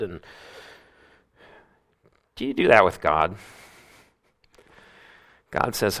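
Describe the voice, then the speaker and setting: Male pastor, low voice, animated sermon, loud peaks and hushed asides. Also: extremely slow, pauses often. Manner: acts out grumbling voices.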